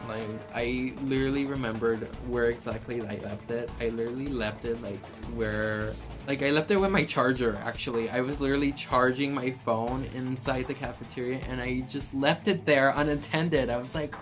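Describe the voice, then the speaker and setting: A young man casually telling a dramatic high school story, cursing often and saying "like" constantly. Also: steady tone, a little fast, hardly any pauses, over music. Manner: casual, profane, dramatic, heavy filler use. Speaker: YouTuber. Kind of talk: storytime vlog.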